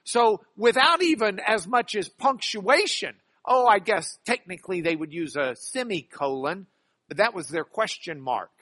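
A man's voice: high voice, animated, measured pace, bright, forceful tone, dry recording. A man who works as a trial lawyer teaching a class from slides, folksy and emphatic, with joking asides.

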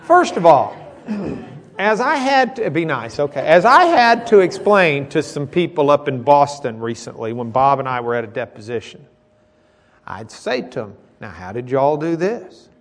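A man's voice: on the high side, lively intonation. Folksy Southern man teaching a Bible class. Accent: American Southern. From Southern United States. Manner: folksy and joking, reading verses slowly.

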